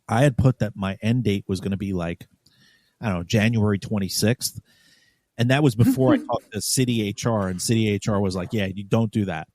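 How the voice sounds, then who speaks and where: A man's voice: lowish voice, mellow, dry recording, clean studio sound. A man from New York, a podcast co-host, telling a story bluntly and with profanity, acting out the dialogue. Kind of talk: casual storytelling.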